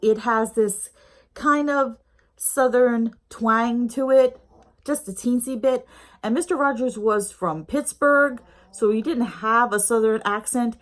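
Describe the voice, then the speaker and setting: A woman's voice: on the high side, slow. A middle-aged woman from the United States giving a casual review at home, chatty and rambling, with lots of ums and uhs. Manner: chatty, rambling, with many fillers. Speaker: YouTube reviewer. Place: home with a snoring pet dog nearby.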